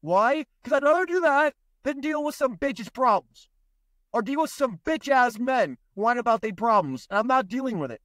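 A man with a high voice rants bluntly on his podcast, swearing freely and dripping with sarcasm. The sound is close and dry, with no room around it. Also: animated, normal speed, fairly bright tone, no room sound. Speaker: podcast host. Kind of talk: ranting podcast monologue.

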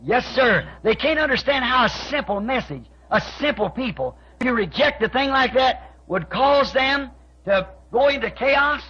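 Man with a really high voice preaching, tells stories, bursts into shouts, muffled old tape. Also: lively intonation, normal speed, breathy edge. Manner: storytelling, quoting both sides of conversations, rising to shouts. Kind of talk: sermon. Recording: dull lo-fi archive tape recording.

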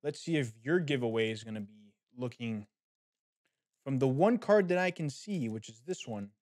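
A man's voice: mid-range voice, normal speed, no room sound, clean studio sound. A man hosting a card pack opening, talking casually and animatedly straight to his viewers. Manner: animated, chatty, talks to viewers as guys. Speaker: card-opening channel host.

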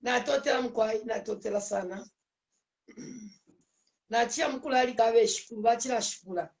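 An older woman with a Zambian accent, speaking softly and gratefully. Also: a little high, normal speed, creaky. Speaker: elder speaker.

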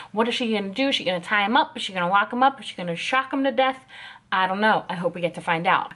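Brief: sarcastic woman vlogger, exasperated commentary, slightly high voice. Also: fairly bright tone. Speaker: anime reaction vlogger. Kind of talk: casual reaction commentary.

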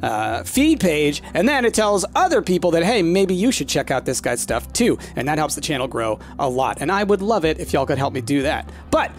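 A man with a drawl gives solo gameplay commentary on his own channel. He talks in a frantic, exasperated way, and his pitch climbs and swoops a lot. His voice sits a little high for a man, with faint music under him. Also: big pitch swings, normal speed, few pauses. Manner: frantic, exasperated, says "y'all". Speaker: gaming channel host.

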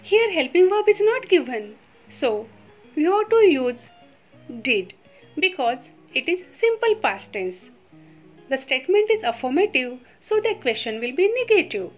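Woman grammar teacher, very high animated voice, patient and repetitive. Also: soft background music. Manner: slow, patient, repeats rules. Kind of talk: explaining grammar exercises step by step.

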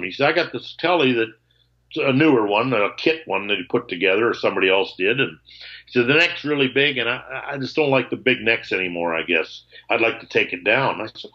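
A man's voice: medium pitch, normal speed. Man telling a story over a muffled call. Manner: animated, acts out both sides of old conversations, swears. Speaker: guitarist guest.

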